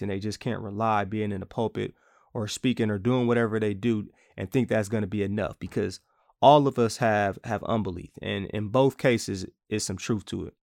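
A man's voice: fairly low pitch, creaky, a little mellow, no room sound, clean studio sound. Man giving a casual Bible talk. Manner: casual, conversational, acts out quotes playfully. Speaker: podcast host teaching from the Bible. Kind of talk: informal Bible teaching.

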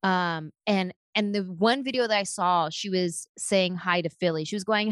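A woman guest, a comedian, telling stories in lively conversation and slipping into quick voices as she goes. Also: medium pitch, no echo, clean studio sound. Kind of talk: animated storytelling in conversation.

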